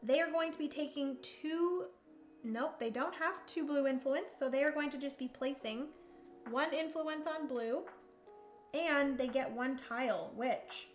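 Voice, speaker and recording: High, chatty woman streaming a board game. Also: moderate pace, echoey room, soft background music. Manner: chatty, thinks aloud while counting and reading rules; greets chat viewers playfully. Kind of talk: live-streamed solo board game play.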